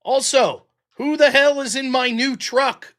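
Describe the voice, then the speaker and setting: Bright-voiced sarcastic man hosting a livestream. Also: very high voice, steady tone, unhurried. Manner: profane, sarcastic, rambling. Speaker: show host. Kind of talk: livestream chat reading donations.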